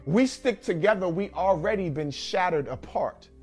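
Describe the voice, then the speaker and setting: A man's voice: high-pitched, lively intonation, normal speed, breathy edge, faint music behind, pitched above the performer's own voice. A man in a spoken-word poem voicing a stern mother who scolds and warns a boy sharply. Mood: scolding.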